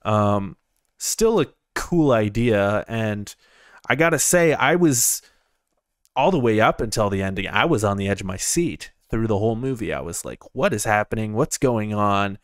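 A man's voice: on the low side, expressive, moderate pace, no room sound, studio quality. A young man giving a casual review from inside his parked car, rambling, chuckling and repeating words as he goes. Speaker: movie reviewer.

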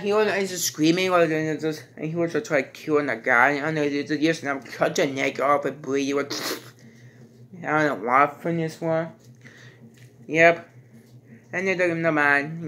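With a voice that's a little high and a bit bright, a man rambles casually through a movie review, stopping and restarting sentences and chaining ideas together with "and then."

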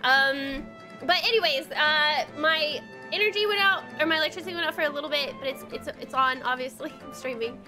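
Faint game music plays as this bubbly young streamer chats casually with her viewers, giggling and dropping plenty of "like" fillers. She speaks high-pitched and fairly quickly.

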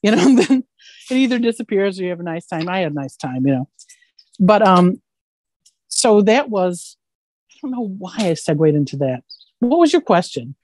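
A woman actress tells stories as an interview guest in a lively, rambling way and keeps checking in with "right?". Her voice sits a little low. The sound is dry and close, with no room echo. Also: normal speed, pauses often. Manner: animated storyteller, keeps asking "right?". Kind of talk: casual anecdotal interview.

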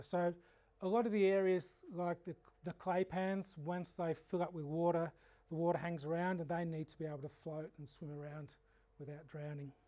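An Australian man giving a frog identification workshop, telling lively, humorous stories and explaining frog behaviour. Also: sits high. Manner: animated anecdotal storytelling. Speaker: frog educator. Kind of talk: workshop lecture.

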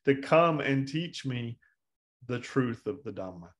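A man voicing a fierce male bandit who yells high and strained at a monk, and then speaks slowly once he is humbled. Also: lively intonation.

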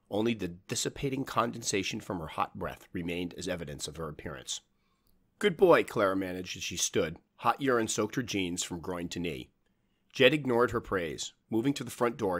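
A man narrating a horror story in a measured, dramatic storytelling manner. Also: low voice, fairly bright tone, slightly rough.

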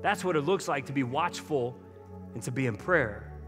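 A pastor preaching a sermon in a conversational way, with joking asides to the congregation. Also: male voice, mid-range voice, animated, normal speed, fairly bright tone, faint music behind. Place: church auditorium. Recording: long reverb from a large church hall.

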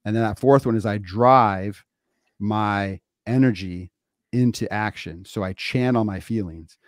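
A man's voice: fairly low pitch, measured pace, no room sound, studio quality. A man co-hosting a podcast, talking earnestly and emphatically, laying out his points one by one. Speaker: podcast co-host. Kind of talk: casual podcast chat.

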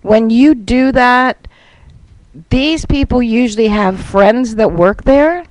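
A woman's voice: a little high, slow pace, darkish tone, rough recording. A woman guest on a radio talk show, telling a long rambling story in casual chat.

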